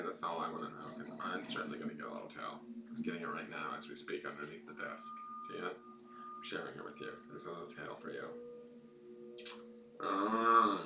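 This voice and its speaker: A man who reads tarot, chatting casually and rambling to his livestream viewers from a desk at home, swearing freely. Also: low-pitched. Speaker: tarot reader hosting live readings. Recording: echoey room with clear background noise.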